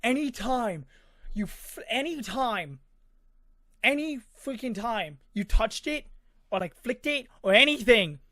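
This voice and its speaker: A man's voice: sits high, lively intonation, unhurried, sharp tone, no echo, studio quality. A man casually telling a personal story, rambling with many fillers and little sound effects. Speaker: vlogger.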